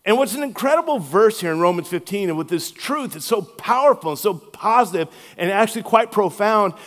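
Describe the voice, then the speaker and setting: High-voiced man preaching in an echoing church. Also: lively intonation, fairly bright tone. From Louisiana, US. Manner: earnest preaching with drawn-out emphasis. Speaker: pastor. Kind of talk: sermon. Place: church sanctuary. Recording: long church hall reverb.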